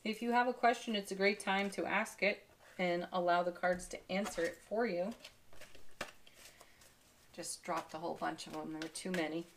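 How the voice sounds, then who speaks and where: A woman giving a daily tarot card reading, upbeat and effusive, with gentle laughs and soothing spiritual affirmations. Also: fairly low pitch, steady tone, normal speed, long pauses, slight background noise. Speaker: tarot reader.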